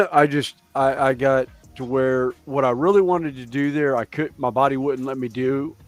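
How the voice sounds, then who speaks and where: A man's voice: mid-range voice, moderate pace. Rambling American man in his fifties. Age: 50s. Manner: rambling, swears casually, laughs often. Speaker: host. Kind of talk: casual chat.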